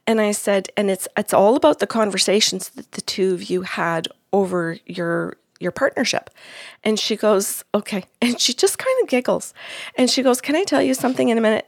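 A woman's voice: medium pitch, a little fast, gravelly, dry recording, studio quality. Woman medium retelling a reading. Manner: retells a reading in quoted dialogue. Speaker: psychic medium. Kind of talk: casual storytelling chat.

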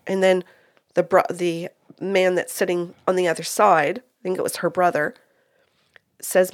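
A woman's voice: on the low side, little pitch movement, a little slow, no echo, studio quality. A woman recounting a reading she gave as a medium, retelling what people said in quotes, with many restarts. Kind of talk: casual storytelling.

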